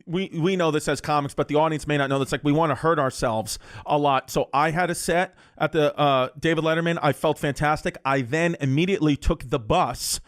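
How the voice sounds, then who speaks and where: A man on a podcast telling a story in a casual, animated way. He laughs often and breaks into the voices of the people in his story. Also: on the high side, a little fast, hardly any pauses.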